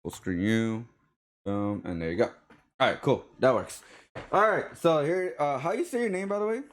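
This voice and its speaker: A man's voice: mid-range voice, normal speed. A man hosting a live-streamed artist podcast, talking loosely with lots of fillers and restarts. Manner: loose and rambling, many fillers. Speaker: podcast host. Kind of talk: live-streamed casual interview.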